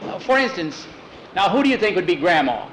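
A man's voice: high voice, sing-song, brisk, a bit bright, roomy sound, a little hiss or hum, pitched above the performer's own voice, rough recording. A man voicing an eager, bossy boy who organizes everyone in a story. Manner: enthusiastic, pushy.

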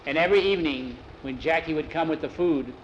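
A man's voice: a little high, fast. Folksy male storyteller, lo-fi recording. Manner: folksy, conversational, with accented character voices. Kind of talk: oral storytelling with voiced dialogue. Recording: dull lo-fi recording with faint vehicle noise.

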